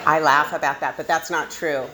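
A woman's voice: low-pitched, fairly even intonation, a little fast, very noisy. A woman candidly telling her own recovery story, self-deprecating and laughing often. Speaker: speaker sharing a recovery story. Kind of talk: personal storytelling.

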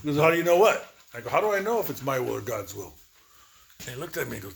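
A man in his sixties talks through his own recovery story, looping back and repeating himself with plenty of fillers. His voice sits in a middle pitch, and he slips into quick back-and-forth exchanges as he retells old conversations. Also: very animated, vocal fry, a little hiss or hum. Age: 60s. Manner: rambling, repetitive storytelling with many fillers. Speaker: recovery speaker. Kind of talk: personal recovery testimony.

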